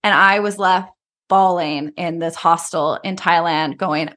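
A woman in her thirties from Canada, a podcast guest retelling a painful personal story in an animated, emotional way, full of casual fillers. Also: on the low side, measured pace. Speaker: podcast guest, life coach.

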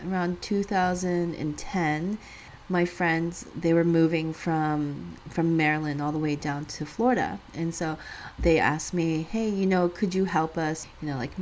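A woman with a fairly low voice tells a personal story in a relaxed, conversational way. She laughs often and lifts her voice when quoting other people. A faint hiss of noise sits under the recording. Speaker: podcast co-host.

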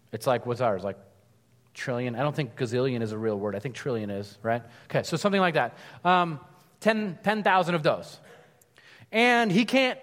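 A man delivering a sermon in a lively, conversational storytelling manner, breaking off for casual asides. His voice sits a bit high for a man, and it rings out with a long reverb as if in a large hall. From United States. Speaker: preacher.

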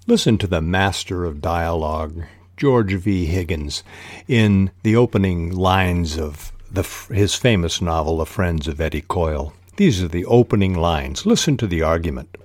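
A man hosting a writing podcast, explaining technique in a measured way and reading quoted passages aloud. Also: low-pitched, expressive, a little mellow, no room sound. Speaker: podcast host teaching fiction writing. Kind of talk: instructional podcast talk.

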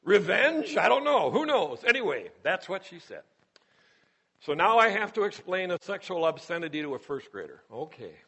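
High, animated male preacher. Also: slightly rough. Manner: emphatic, with dramatic pauses and hushed storytelling. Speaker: Christian speaker. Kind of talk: sermon.

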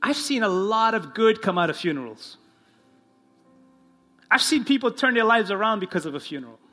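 A man with a high, bright voice preaches a sermon as a pastor in church. He talks expressively and slows right down, going low and quiet whenever he quotes a line. Soft music plays faintly underneath. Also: sing-song. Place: church in front of a congregation.

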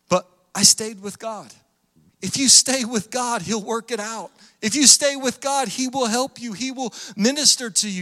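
Man, pastor, earnest repetitive preaching, high-pitched, long hall reverb. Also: fairly bright tone. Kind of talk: sermon.

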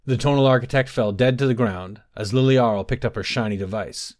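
A man narrating a fantasy story in an expressive storytelling manner. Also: mid-range voice, a little fast. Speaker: audiobook narrator. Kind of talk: scripted narration.

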